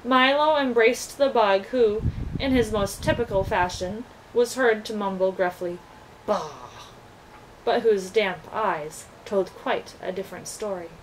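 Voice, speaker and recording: A woman reading a children's storybook aloud as narrator, gentle and expressive. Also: mid-range voice, unhurried, slight background noise, low-quality recording.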